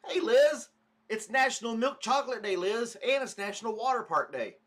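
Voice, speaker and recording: A man's voice: very high-pitched, lively intonation, moderate pace, fairly bright tone. A man hosting a casual morning livestream podcast, rambling chattily and greeting viewers by name. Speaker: podcast host.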